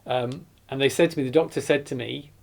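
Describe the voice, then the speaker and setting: A man's voice: medium pitch, fairly even intonation, a little fast, creaky. A man, earnestly recounting his hospital ordeal in a documentary interview, often correcting himself as he goes. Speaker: survivor telling his story.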